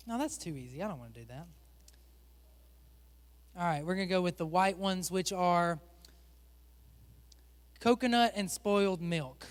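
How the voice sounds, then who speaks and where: High-voiced joking pastor, a man. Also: lively intonation, a little slow, pauses often, in a large hall. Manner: joking, chatty, teasing the volunteers. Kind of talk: playful sermon with a stage game. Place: church stage.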